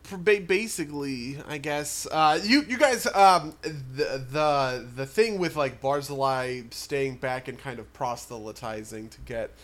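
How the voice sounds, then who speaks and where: A man game master talking over a tabletop campaign in casual chat, halting and searching for words. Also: mid-range voice, a bit bright.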